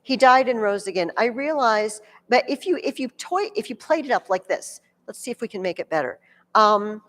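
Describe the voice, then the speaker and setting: Woman teacher, kinda high voice, lively with the kids, big echoey classroom. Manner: animated, talks directly to students with quick asides. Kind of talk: classroom grammar lesson. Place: large classroom with a reverberant sound.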